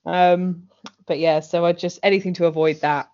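A woman's voice: on the low side, steady tone, normal speed, a little mellow. A woman co-hosting a casual chat podcast, blunt and sweary, laughing often and acting out quotes. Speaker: podcast co-host recapping a TV drama. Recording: dull lo-fi audio.

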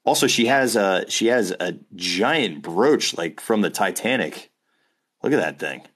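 A man's voice: fairly low pitch, lively intonation, unhurried, fairly bright tone. A man co-hosting a podcast, chatting casually over a video call in a playful, rambling way and laughing often. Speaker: podcast co-host. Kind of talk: casual chat.

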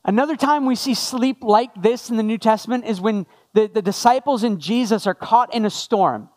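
A man's voice: high-pitched, moderate pace, a little mellow. A man preaching a sermon as a pastor, talking conversationally and putting questions to the congregation.

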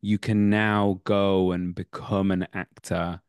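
A man's voice: low-pitched, flat delivery, takes it slowly, smooth, no echo. A man in his thirties, an actor guest on a podcast, talking casually and rambling through many fillers and restarts. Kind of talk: casual interview chat.

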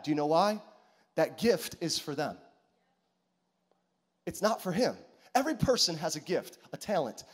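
A male pastor delivers an animated sermon, repeating his points and calling to the congregation. His voice sits high for a man and rises and falls widely. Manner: animated, repetitive, calls to the congregation.

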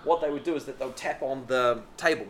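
A young man co-hosting a podcast tells rambling, profane stories amid casual banter, speaking a little fast in a medium-pitched voice. He lives in a southern Chinese city, and his storytelling is animated, with slight background noise in the clip.

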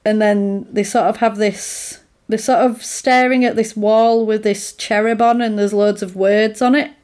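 A woman with a middle-pitched voice chats casually, walking a friend through a film scene by scene. She talks in an easy, chatty way and slips into the characters' lines as she goes. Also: steady tone, measured pace, a little mellow. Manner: chatty, retells scenes with acted-out quotes and laughs. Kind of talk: casual chat recapping a film.

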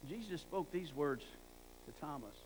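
Emphatic high-voiced male preacher. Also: expressive, moderate pace, a little mellow, slight background noise, rough recording. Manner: emphatic, repeats words for stress; stumbles and restarts words. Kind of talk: sermon.

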